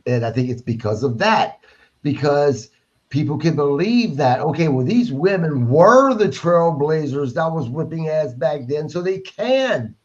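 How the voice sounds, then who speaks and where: A man's voice: a little high, sing-song, measured pace, muffled recording. A man hosting a podcast, recapping wrestling in blunt, casual talk and swearing freely. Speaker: podcast host.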